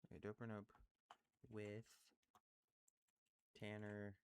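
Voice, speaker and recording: A man's voice: on the low side, completely flat delivery, slow, a little hiss or hum. A man in casual rambling commentary, thinking aloud and apologizing often as he ranks favorite creators, full of fillers and restarts. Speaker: YouTuber ranking favorite creators.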